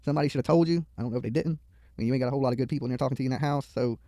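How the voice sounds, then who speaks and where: A man's voice: mid-range voice, rapid-fire, mellow, dry recording. A man giving profane, mocking live commentary on a video from a studio, heckling the people on screen and rambling into stories.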